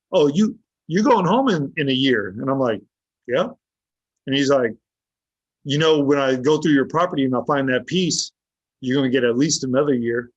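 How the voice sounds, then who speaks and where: A man's voice: medium pitch, no echo. A man guest on a podcast telling a story, blunt and swearing freely, acting out what others said to him. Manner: blunt, heavy swearing, acts out quoted dialogue. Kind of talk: casual storytelling. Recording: dull lo-fi dry sound.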